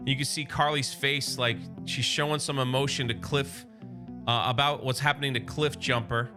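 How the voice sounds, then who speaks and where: A man casually recapping a comic series as a video host, chatty and quick to paraphrase the characters. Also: medium pitch, steady tone, music in the background. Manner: chatty, narrates plot with "he's like" quotes. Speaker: comic book reviewer.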